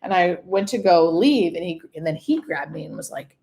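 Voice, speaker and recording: A woman hosting a casual livestream in a low, gravelly voice. She chats and tells stories in a loose, rambling way, greeting viewers as they join. It sounds like a casual home stream. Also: lively intonation, moderate pace, few pauses, darkish tone. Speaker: hospice nurse, livestream host. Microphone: webcam or phone setup for a livestream.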